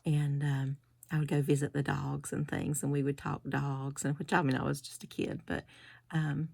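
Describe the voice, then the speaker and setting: A woman's voice: low-pitched, level tone, normal speed, vocal fry, warm tone, husky, no room sound. A middle-aged woman, chatting casually and rambling through a haul video, with giggly asides. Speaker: crafting vlogger.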